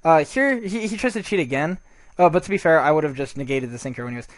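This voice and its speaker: A man's voice: on the high side, animated, quick pace, no echo. Man with dry close voice, game commentary. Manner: rambling, swears freely, many restarts. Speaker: gameplay commentator. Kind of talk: casual gameplay commentary.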